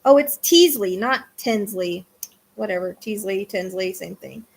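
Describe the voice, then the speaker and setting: A woman doing a live-streamed psychic reading, excitable, swinging between hushed asides and loud exclamations. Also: medium pitch, measured pace, creaky, slightly rough.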